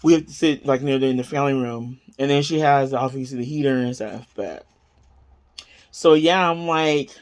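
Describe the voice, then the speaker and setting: A woman's voice: extremely low pitch, normal speed, darkish tone. A woman chatting casually in a home vlog, rambling through her story with lots of fillers and frequent giggles. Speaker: vlogger.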